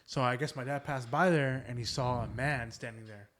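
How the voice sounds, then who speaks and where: A podcast host tells family ghost stories in a loose, rambling chat packed with fillers. His voice is medium-pitched and fairly bright, moving at a normal speed.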